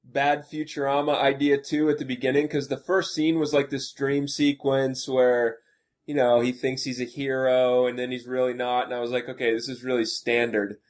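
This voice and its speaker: A man's voice: medium pitch, level tone, moderate pace, darkish tone. A man who is a guest on a podcast, flustered and stammering with many restarts in casual chat.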